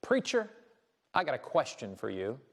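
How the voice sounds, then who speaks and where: A man voicing a crusty, gruff old male ex-Marine who is remorseful and pleading for help. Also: mid-range voice, wildly swooping pitch, moderate pace, heavily acted. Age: older.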